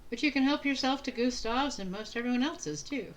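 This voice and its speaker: A woman's voice: high voice, animated, brisk, poor audio. A woman streaming a video game, chatting casually and muttering along as she narrates her own moves. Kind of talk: casual let's-play commentary.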